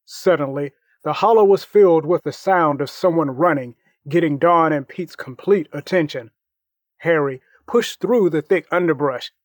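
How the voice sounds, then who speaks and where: A man reading a story aloud as narrator, slow and measured. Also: fairly high pitch, dry recording, studio quality.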